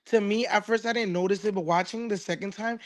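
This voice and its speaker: A man's voice: high voice, fairly even intonation, fast talker. A man calling in from home, giving blunt, emphatic opinions. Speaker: caller. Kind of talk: call-in opinion.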